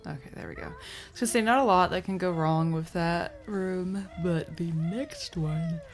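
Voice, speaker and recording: Low gravelly woman casually commentating. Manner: chatty, rambling, laughs often, quick to apologize. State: sleepy, yawning. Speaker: race commentator.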